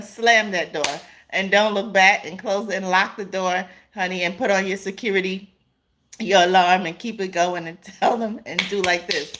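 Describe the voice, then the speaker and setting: A woman's voice: medium pitch, a bit bright, a little hiss or hum. A woman hosting a casual live stream, reading viewer comments aloud, laughing often and calling her viewers "y'all" and "honey".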